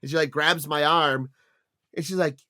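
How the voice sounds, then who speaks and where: A man's voice: a little high, fairly even intonation, moderate pace, bright, forceful tone. A middle-aged man co-hosting a casual comedy podcast, telling stories with lots of animation and mocking voices. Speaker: podcast co-host.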